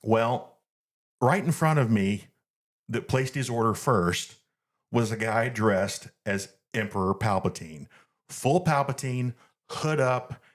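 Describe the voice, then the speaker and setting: A middle-aged man hosting a family podcast, telling anecdotes in an animated way and laughing at them. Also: medium pitch, slow pace. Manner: animated storyteller, laughs at his own anecdotes. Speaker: podcast host. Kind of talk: casual family chat.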